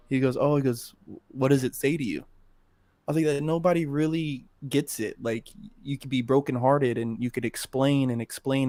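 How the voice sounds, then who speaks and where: A man's voice: mid-range voice, darkish tone, no echo. A man co-hosting a podcast, telling a personal story in casual, emotional talk with plenty of swearing. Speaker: podcast co-host. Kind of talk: casual chat.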